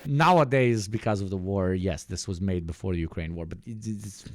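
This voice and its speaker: A man's voice: low-pitched, brisk. A man casually commenting on clips during a live stream, blunt and sweary with offhand asides. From Slavic-speaking country.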